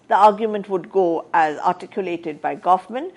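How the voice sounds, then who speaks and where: A woman lecturing on sociology in a measured academic style, with frequent "uh" fillers and restarts. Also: on the low side.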